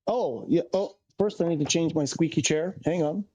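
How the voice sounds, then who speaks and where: A man's voice: on the high side, normal speed, warm tone, slightly rough. A man streaming a flight game, chatting casually and thinking aloud as he corrects himself. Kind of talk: casual live-stream chat.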